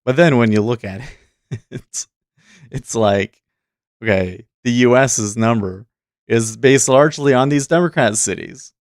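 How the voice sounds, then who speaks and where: A man's voice: medium pitch, a little slow, dry recording. A man hosting a casual livestream, talking in a rambling, chatty way with frequent restarts, into a close desk mic. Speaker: host.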